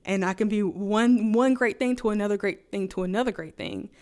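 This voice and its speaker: A woman vlogger chatting casually to camera, talking fast and rambling, laughing often, energized on caffeine. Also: mid-range voice, darkish tone, clean tone.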